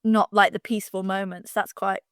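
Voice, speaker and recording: Soft-spoken woman interviewer. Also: mid-range voice, level tone, normal speed, dry recording, studio quality. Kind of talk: casual interview.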